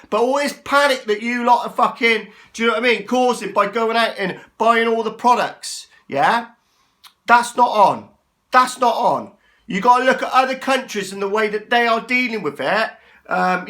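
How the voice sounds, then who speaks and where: A man, ranting angrily to the camera from his small flat. He swears constantly and keeps tossing in "yeah?" and "right?". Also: high voice. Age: 40s. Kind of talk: angry rant to camera.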